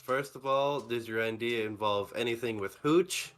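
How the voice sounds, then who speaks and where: A man joking his way through a tabletop role-play scene, rattling off orders in character. His voice sits at an ordinary middle pitch. Faint music plays behind him. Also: moderate pace, fairly bright tone. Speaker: player.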